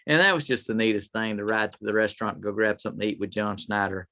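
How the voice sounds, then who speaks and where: A man's voice: lowish voice, fast talker, pushed and bright. A man, a guest telling rambling stories in a casual interview, often acting out what others said. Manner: rambling anecdotes with quoted voices. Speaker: guest, tribute performer.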